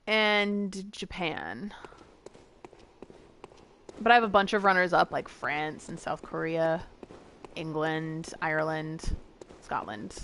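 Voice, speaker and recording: A woman's voice: medium pitch, a bit bright, a little hiss or hum. A young American woman streaming a game, chatting casually with viewers in a giggly, rambling way. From United States. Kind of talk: casual gameplay chat with viewers.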